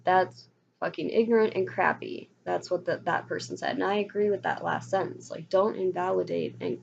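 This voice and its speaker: Rambling, frustrated young woman vlogger, gravelly. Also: on the low side, steady tone, normal speed. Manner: frustrated, rambling, with many restarts. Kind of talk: casual ranting monologue. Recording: dull lo-fi sound with faint noise.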